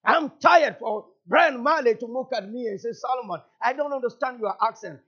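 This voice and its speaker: A man from Cameroon with a Cameroonian French accent, whose first language is French, preaching a fervent sermon as a guest pastor, repeating phrases and rising to shouts. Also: extremely high pitch, moderate pace, slightly rough, muffled recording.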